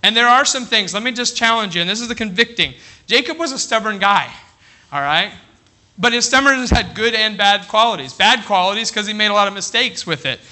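Bright-voiced preacher, high and energetic. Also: male voice. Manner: keeps asking the congregation "you ready?"; reads scripture aloud in a slower, quieter voice. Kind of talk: sermon. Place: church congregation.

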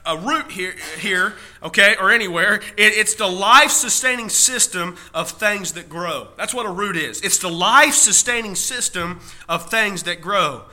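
A man's voice: sits high, lively intonation, moderate pace, hardly any pauses, bright, forceful tone. A male pastor preaching a sermon, driving points home with rhetorical questions and repeated key phrases, stretching out punch words.

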